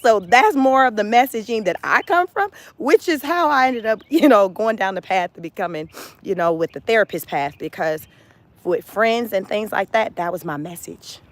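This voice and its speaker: A woman's voice: medium pitch, animated, normal speed, no room sound. A woman hosting a casual motivational livestream, talking emphatically, repeating phrases and laughing often. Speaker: livestream host.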